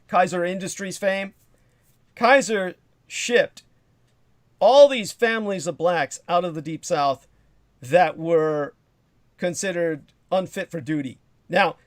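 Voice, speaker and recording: Profane rambling livestream host, dry close sound. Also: male voice, sits high, dry recording. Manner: digressive, profane, reads chat comments aloud. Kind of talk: rambling monologue storytelling.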